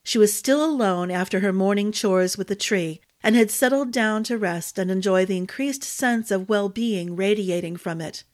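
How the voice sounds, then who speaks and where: A woman storyteller giving a measured, expressive audiobook narration. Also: medium pitch.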